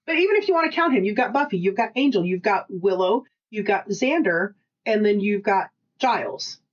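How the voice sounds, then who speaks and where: On a casual podcast, a woman co-host tells stories with plenty of swearing, acting out the quotes as she goes. Her voice sits in the mid range at a normal speed, and the recording has its highs cut off.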